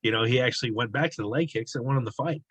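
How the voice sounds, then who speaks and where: A man's voice: medium pitch, fast, a bit bright, breathy edge, no room sound, rough recording. A man giving sports betting analysis in a casual, conversational way, with frequent fillers and restarts.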